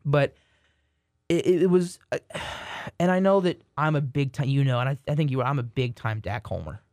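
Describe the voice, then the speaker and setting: A young man co-hosting a casual sports podcast, joking and rambling with quick restarts. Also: mid-range voice, a little mellow, dry recording, studio quality. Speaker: podcast co-host.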